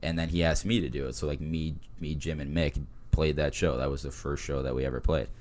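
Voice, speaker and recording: Very deep-voiced young man telling stories. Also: fairly even intonation, fairly quick, darkish tone. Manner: laid-back storytelling with frequent laughs and fillers. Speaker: guest. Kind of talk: casual podcast chat.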